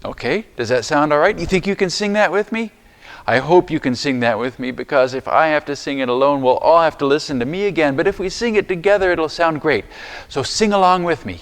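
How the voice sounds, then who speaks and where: A man serving as chaplain, talking gently and encouragingly to preschool children inside a church, using simple words. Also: a little high, a little fast. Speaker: chaplain leading children's chapel.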